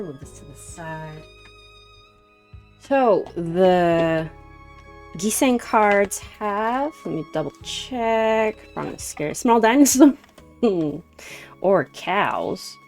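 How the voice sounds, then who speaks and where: A woman's voice: lowish voice, vocal fry. A woman in her thirties chatting casually on a live stream while doing a card reading, greeting viewers by name and laughing often.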